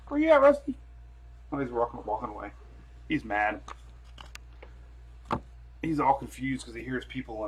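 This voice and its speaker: A man's voice: a little high, creaky, fairly bright tone, slightly rough. A man hosting a casual weather live stream from home on his phone camera, rambling and chatty as he talks to viewers and his dogs.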